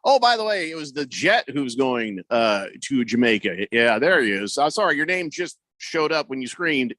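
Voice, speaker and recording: A man hosting a sports radio show, chatting casually with his co-hosts and reading listener texts aloud with quick asides. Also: mid-range voice, very animated, a bit bright, dry recording. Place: radio studio. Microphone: studio microphone.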